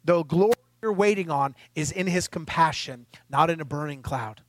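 High-voiced pastor preaching in a dry close-mic sound. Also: male voice, moderate pace, dry recording. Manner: emphatic, conversational preaching with rhetorical questions. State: tearful and choked up at times. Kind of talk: sermon.

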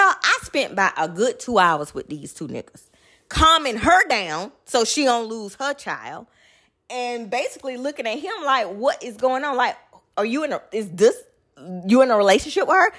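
A young woman telling a personal story in casual chat, lively and swearing freely. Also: a little high, moderate pace. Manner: animated, addresses listeners as y'all, swears freely.

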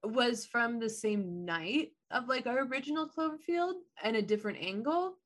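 A woman in casual conversation about movies, with a slightly high voice. She talks freely, laughs often, and swears now and then. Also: lively intonation, normal speed. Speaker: podcast co-host. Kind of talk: casual chat about films.

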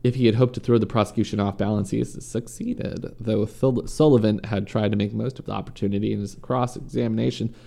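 A man's voice: fairly low pitch, steady tone, fast talker, creaky, hardly any pauses, warm tone. A man reading a story aloud in a casual way, stumbling and correcting himself now and then. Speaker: podcast host reading a story. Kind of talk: casual true-crime reading.

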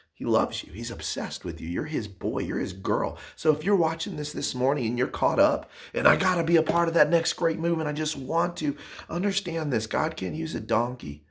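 A man preaching a sermon in an earnest, pleading way, often dropping to soft, hushed tones. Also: fairly high pitch. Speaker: pastor.

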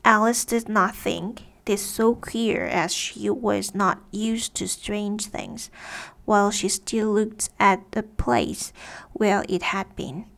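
A woman's voice: medium pitch, steady tone, slow, vocal fry, fairly bright tone. A woman narrating a storybook in a careful read-aloud way. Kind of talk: storybook reading.

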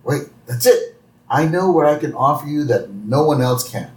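A man's voice: fairly high pitch, lively intonation, moderate pace, voice pushed up, close to an everyday voice. A man voicing a clueless, dependent cartoon husband who pleads in a whiny way. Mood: pleading. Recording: roomy, distant mic.

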